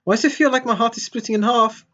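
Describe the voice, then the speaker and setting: A man's voice: lively intonation, a little fast, highs cut off, faint music behind. A man doing a tearful, fragile girl. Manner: high, wavering, near tears.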